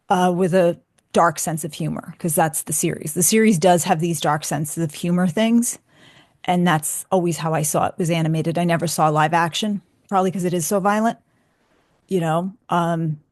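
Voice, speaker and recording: A woman's voice: fairly low pitch, no room sound, studio quality. A woman hosting a radio show, chatting candidly and with feeling as she answers listener questions. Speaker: radio show host and author.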